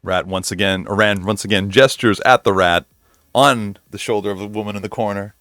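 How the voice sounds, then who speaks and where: A man's voice: lowish voice, fairly even intonation, a little fast, fairly bright tone, no echo, clean studio sound, soft background music. A man casually narrating his character's actions in a tabletop role-play game, trailing off at the ends of phrases. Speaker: player.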